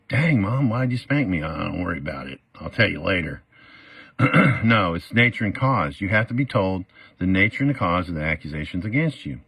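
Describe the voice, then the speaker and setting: A man's voice: deep voice, fairly bright tone, no echo. A middle-aged man telling his own story in a casual, rambling way, full of fillers and acted-out quotes. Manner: rambling, many "uh" fillers, acts out quoted voices.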